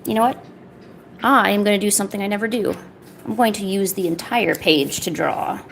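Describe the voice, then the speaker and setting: A woman's voice: medium pitch, a little fast, gravelly, slight background noise. A woman chatting casually on an art livestream, playfully scolding her cat in a mock-stern voice.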